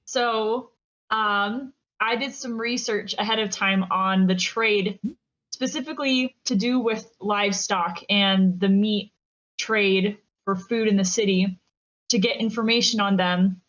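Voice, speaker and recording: A woman's voice: mid-range voice, steady tone, a little slow, fairly bright tone, lo-fi sound. A woman playing a tabletop role-playing game, chatting casually and switching into character.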